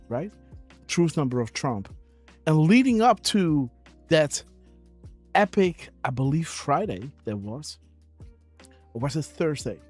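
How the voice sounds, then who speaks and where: A man with a fairly high voice hosts a live stream, chatting casually and rambling, with lots of fillers and frequent laughter. The recording has no room sound.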